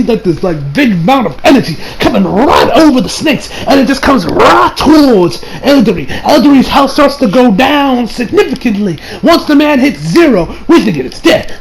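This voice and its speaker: Hyped young guy recapping anime, super high voice, rambly and laughing. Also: vocal fry, poor audio. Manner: excitable, rambling, profane, laughs often. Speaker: anime reviewer. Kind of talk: casual episode recap.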